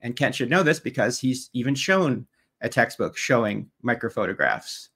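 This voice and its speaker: A man presents his side of a debate slide by slide. His voice sits at an ordinary middle pitch, and his delivery stays methodical and pointed, sometimes turning mocking toward his opponent. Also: animated, normal speed, gravelly, fairly bright tone, slightly rough. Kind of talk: debate opening statement over slides.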